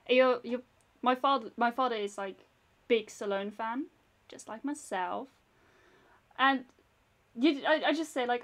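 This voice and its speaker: A woman's voice: a little high, normal speed. A young woman hosting a reaction video, chatting casually in a rambling way and laughing often.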